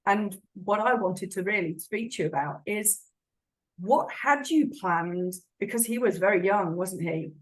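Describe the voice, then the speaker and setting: A middle-aged woman hosting a casual interview, speaking gently and attentively. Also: mid-range voice, measured pace, rough recording. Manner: gentle, attentive, quietly affirming. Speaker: podcast host.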